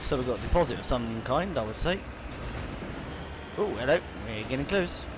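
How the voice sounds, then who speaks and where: Hiccups keep interrupting this man as he rambles through chatty let's-play commentary on his own game, the way a gaming YouTuber would. He speaks at medium pitch and a moderate pace with an expressive delivery, and the recording is very noisy.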